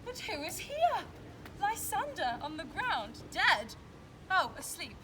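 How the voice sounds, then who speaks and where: A woman's voice: very high-pitched, very animated, takes it slowly, noisy background, full character voice. A woman playing the lovelorn Helena in an outdoor production, delivering verse with pleading emotion. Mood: anguished. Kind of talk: outdoor stage acting of verse.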